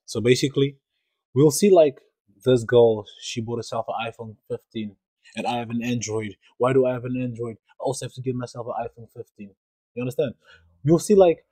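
Earnest young man telling a story, mellow voice. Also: medium pitch, fairly quick, dry recording, poor audio. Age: young adult. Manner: earnest, repetitive, uses many fillers. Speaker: podcast host. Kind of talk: storytelling monologue.

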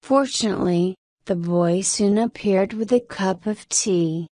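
A woman reading a story aloud for English learners in a clear, steady way. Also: medium pitch, unhurried, no echo. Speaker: story reader.

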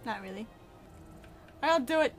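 A woman's voice: on the high side, lively intonation, unhurried, soft background music. A woman hosting a playful let's-play commentary, chatty and giggly, talking to the characters in the game. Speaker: gaming channel host.

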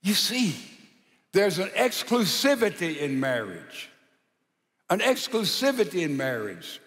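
A male pastor preaching a sermon in a folksy, animated storytelling style with rhetorical asides. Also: fairly high pitch, a little slow, in a large hall.

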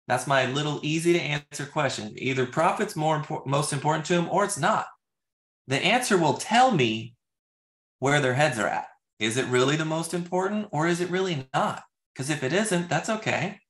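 A real estate agent teaches in a loose, casual style, packing his speech with fillers like "you know" and "like" while trying out sales questions aloud. His voice is on the high side, animated and moderately paced, with a roomy echo on the recording.

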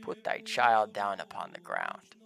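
A man's voice: on the low side, huge pitch swings, a little slow, gravelly, sharp tone, heavily acted. A man voicing a fearless male martyr saint, reading his commands in solemn archaic English. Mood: commanding.

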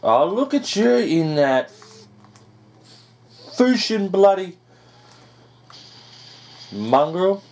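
A man giving excited gameplay commentary, groaning at setbacks and swearing now and then. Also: high-pitched, extremely slow, pauses often. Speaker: gaming YouTuber.

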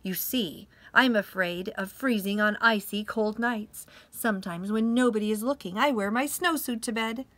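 A man reading aloud as a big polar bear from a children's storybook, bashful about a small fear. The read is gentle and plain, pitched fairly high. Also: moderate pace, hardly any pauses, no room sound.

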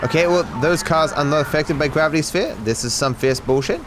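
A man's voice: fairly high pitch, fairly quick, background noise. An Australian man giving sarcastic, swearing live commentary on a game as a streamer, talking to his chat.

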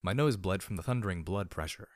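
A man narrating a fan-fiction audiobook in a measured, grim and dryly wry manner. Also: low voice, expressive, darkish tone, no echo, studio quality. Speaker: audiobook reader.

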